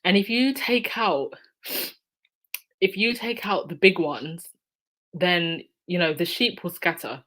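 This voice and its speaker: A woman's voice: on the low side, slow, long pauses, a bit bright, rough recording. A woman hosting a casual livestream, chatting with her viewers, thanking donors by name and reacting to chat comments. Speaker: YouTube commentator reading live chat donations.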